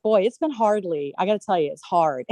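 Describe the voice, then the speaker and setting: A woman's voice: mid-range voice, lively intonation, a little fast, warm tone, dry recording. A woman on a video-call panel chatting casually, rambling and self-deprecating, laughing often at herself. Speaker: summit panelist.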